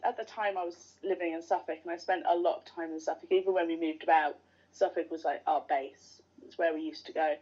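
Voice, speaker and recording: A woman chats eagerly as a guest on a podcast, her voice low-set and mellow. The recording sounds dull and lo-fi. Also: steady tone, brisk, slightly rough. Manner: chatty, enthusiastic fan talk. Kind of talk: casual interview chat.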